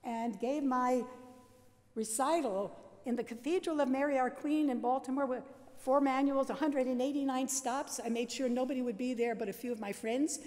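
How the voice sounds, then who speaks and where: An older Catholic sister telling her life story at a worship service, lively and self-mocking, laughing often. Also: sits high, moderate pace, long reverb tail. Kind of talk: storytelling talk. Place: large seminary chapel.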